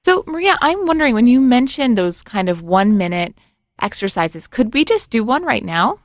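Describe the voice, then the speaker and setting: A woman's voice: a little high, very animated, moderate pace, no room sound, clean studio sound. A woman interviewing a guest, asking questions in an upbeat way.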